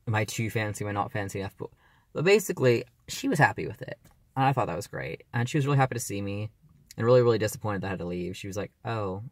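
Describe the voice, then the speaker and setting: A man's voice: fairly low pitch, dry recording. A man in his early twenties talking casually in a personal vlog, rambling and hesitant with lots of fillers. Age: early 20s. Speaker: vlogger.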